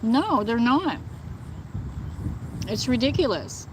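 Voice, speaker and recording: Slow and high-leaning, with big pitch swings, this livestream host talks indignantly to her viewers from outdoors as birds and thunder sound nearby. She leans heavily on "like" and "you know," and the background is noisy.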